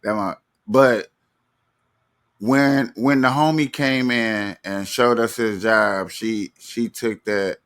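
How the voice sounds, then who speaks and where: A man's voice: on the low side, steady tone, slow pace, fairly bright tone. A man hosting a livestream in a casual, easygoing way, running the show and handing out points to guests. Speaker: livestream host. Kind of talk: casual chat.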